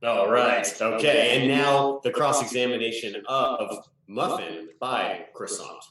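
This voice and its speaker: A man with a mid-range voice emcees an improv game show in brisk, upbeat patter. He sounds distant, with a strong room echo around him. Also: mid-range voice, fairly bright tone. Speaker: game show host and judge. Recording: roomy echo, distant from mic.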